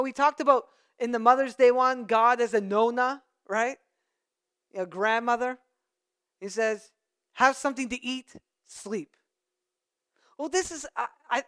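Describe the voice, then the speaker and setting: Smooth-voiced man preaching a sermon. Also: very high-pitched, fairly bright tone. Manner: conversational with playful asides. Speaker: pastor.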